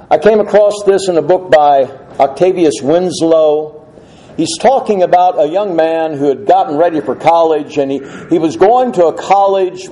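A male pastor preaching a sermon, telling a story in a conversational way with pauses and restarts. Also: a little high, mellow, low-quality recording.

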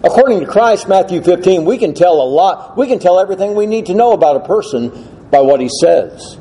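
A man's voice: sits high, expressive, brisk, mellow, rough recording. A male preacher giving an earnest, emphatic expository sermon laid out in numbered points.

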